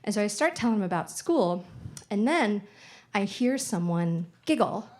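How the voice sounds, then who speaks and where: A woman's voice: mid-range voice, expressive, moderate pace. A woman in her twenties doing stand-up comedy on a theater stage, chatty and playful, leaning on lots of "like" as she tells stories. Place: theater stage with live audience. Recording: noisy live theater recording.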